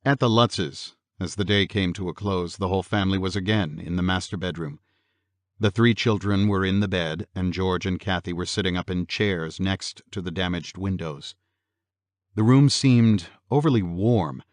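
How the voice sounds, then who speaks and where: A man with a very deep, low voice reads a horror audiobook in a measured, steady way. He speaks close to the mic. The sound is dry, with no room around it. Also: no room sound. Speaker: audiobook narrator. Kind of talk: scripted horror audiobook narration.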